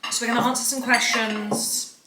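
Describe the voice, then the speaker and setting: A woman's voice: on the high side, level tone, moderate pace, heavy background noise. A young woman in her twenties, chatting casually and upbeat to camera in her home kitchen. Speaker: vlogger. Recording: echoey room. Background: dishes and cutlery clatter.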